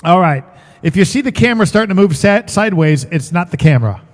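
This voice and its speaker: A man's voice: high-pitched, animated, quick pace, in a large hall. A man hosting a casual music livestream, chatting and joking with viewers and greeting them by name. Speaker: musician and livestream show host.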